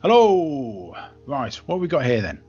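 A man's voice: medium pitch, wildly swooping pitch, unhurried, husky, lo-fi sound, soft background music, pitched above the performer's own voice, full character voice. A man voicing a very large, boastful, muscly man who bursts in cheerfully cocky and brags about his strength. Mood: brash. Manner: loud, brash greeting, bragging.

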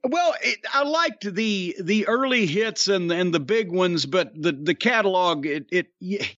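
A man's voice: high-pitched, lively intonation, measured pace, a bit bright, dry recording. A middle-aged man hosting a podcast, chatting casually with profane, rambling storytelling. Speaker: podcast host. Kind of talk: casual chat. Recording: dry, dull lo-fi sound.

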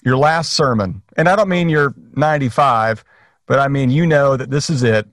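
A man with a Southern US accent, interviewing a pastor in a relaxed, conversational way. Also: mid-range voice, normal speed, no room sound, clean studio sound.

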